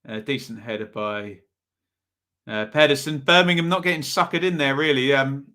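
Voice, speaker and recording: Bright-voiced East Anglian football watch-along host. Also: male voice, mid-range voice, normal speed. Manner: chatty running commentary, banters with live chat. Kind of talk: live match commentary with chat reactions.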